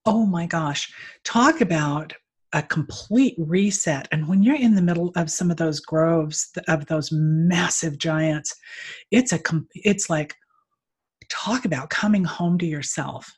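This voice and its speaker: An older woman telling stories in a casual conversation, animated and laughing often. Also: deep voice, measured pace, husky.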